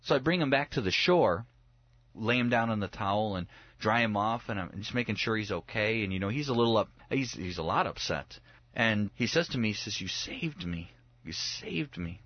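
A middle-aged man preaching as a pastor, telling a personal story in a lively way and acting out his own reactions. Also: lowish voice, brisk, no room sound. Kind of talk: storytelling sermon. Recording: dull lo-fi radio recording. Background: faint guitar music.

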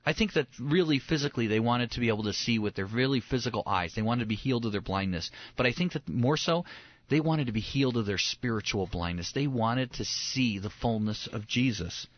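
A pastor talks through a Bible passage in an animated, conversational way, often doubling his words as he gets going. The recording is dry and a bit dull, with no room sound. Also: mid-range voice, a little fast, dry recording. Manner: animated, acts out quoted voices, repeats words when excited.

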